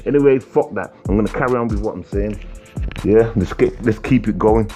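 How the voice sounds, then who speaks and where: A man's voice: fairly low pitch, a little fast, dark tone, soft background music. A British man giving a profane, repetitive, confrontational rant for a video commentary. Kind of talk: ranting vlog commentary.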